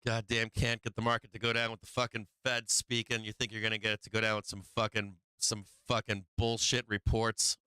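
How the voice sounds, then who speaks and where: A man on a live trading stream, frustrated and cursing as he talks through his losses, now and then laughing at himself. His voice is bright and very clear, and the sound is dry and close with no room echo. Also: on the low side, monotone, fairly quick, few pauses.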